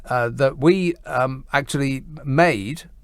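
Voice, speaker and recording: A man's voice: medium pitch, slow, smooth, dry recording. A man hosting a late-night radio phone-in, sardonic and exasperated as he argues with callers. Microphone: studio microphone.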